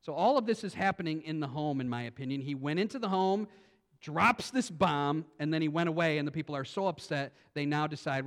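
A man's voice: fairly high pitch, fairly quick, fairly bright tone. A man preaching a sermon as a pastor, speaking emphatically with frequent restarts and reading scripture dramatically aloud.

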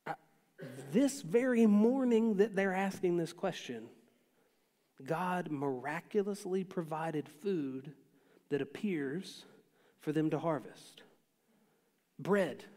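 Male pastor, high voice, chatty sermon delivery, lingering hall echo. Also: slow pace, long pauses, warm tone. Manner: conversational preaching, acts out quotes.

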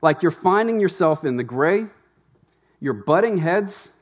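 A man, a pastor, preaching a sermon in a conversational, animated way with asides to the congregation. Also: on the high side, unhurried.

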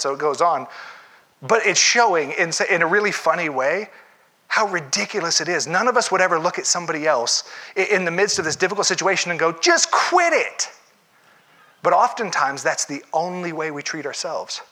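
Male pastor, slightly high and bright, conversational sermon delivery with rhetorical questions. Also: a little fast.

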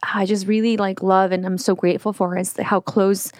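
A middle-aged woman in easygoing conversation, rambling and animated as her thoughts tumble out. Her voice sits at an ordinary pitch and is recorded close and dry. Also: moderate pace, dry recording. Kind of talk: casual chat.

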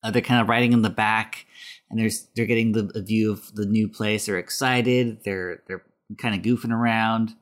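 A man's voice: fairly low pitch, fairly even intonation, normal speed. A man hosting a casual podcast, recapping a film plot in a rambling way with many fillers. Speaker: podcast host.

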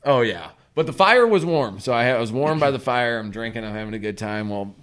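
A man's voice: mid-range voice, a little fast. A man hosting a podcast, telling a rambling camping story in casual, profane chat and acting out his own lines. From Missouri. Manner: profane, animated, acts out his own voice in quotes. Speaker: podcast host.

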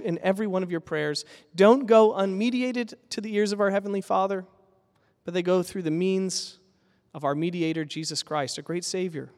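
A pastor preaching a sermon in an earnest, emphatic way, building with repeated phrases. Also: male voice, sits high, moderate pace, a little mellow, big-room sound.

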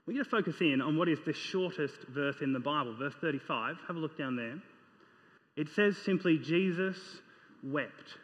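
A man's voice: on the high side, normal speed, a bit bright. A man preaching a sermon, reading scripture aloud and putting questions to his listeners in an earnest way. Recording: dull sound with long reverb in a hall.

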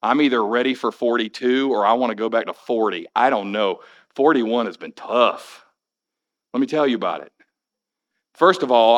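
Hoarse pastor in his forties. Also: mid-range voice, fairly bright tone. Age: 40s. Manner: personal storytelling with wry humor. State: hoarse after illness. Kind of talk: sermon. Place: church sanctuary.

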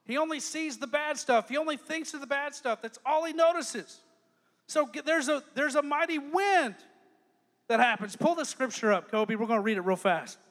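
High bright-voiced pastor in a hall. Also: male voice, normal speed. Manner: lively, joking, acts out quotes in varied voices. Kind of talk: youth sermon.

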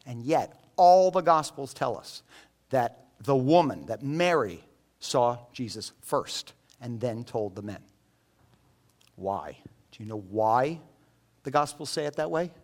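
A man preaching a sermon in an animated, joking storytelling manner. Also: medium pitch. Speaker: pastor.

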